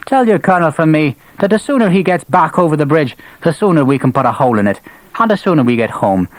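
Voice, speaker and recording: A man's voice: fairly high pitch, lively intonation, fast, dry recording, natural voice, low-quality recording. A man doing a blunt Irish officer. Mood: firm. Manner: blunt, exasperated. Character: male Irish engineer officer, short-tempered.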